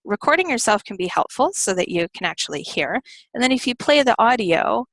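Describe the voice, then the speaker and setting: A woman teaching English pronunciation in a relaxed live online lesson, explaining step by step with frequent fillers. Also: on the high side, fairly quick, dry recording, poor audio.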